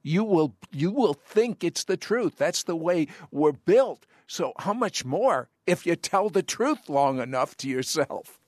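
A man's voice: a little high, animated, measured pace, a little mellow, dry recording, studio quality. A man hosting a Christian talk show, asking questions in a conversational, affirming way. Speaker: host.

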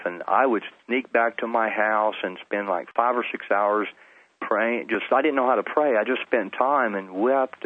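A middle-aged Texan man calls in as a phone guest and earnestly tells his personal testimony, restarting his sentences as he goes. His voice sits on the low side with no echo, coming through a tinny telephone line.

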